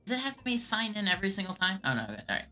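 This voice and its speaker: A woman's voice: medium pitch, big pitch swings, very fast, pushed and bright, faint music behind. A woman streamer casually rambling through chat questions in a laid-back way, a voice she calls whiny. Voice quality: calls her own voice whiny.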